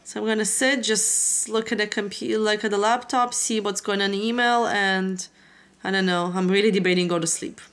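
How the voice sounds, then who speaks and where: A woman's voice: mid-range voice, steady tone, moderate pace, a bit bright. A woman hosting a casual family vlog, chatty, with slightly non-native phrasing. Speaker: vlog host.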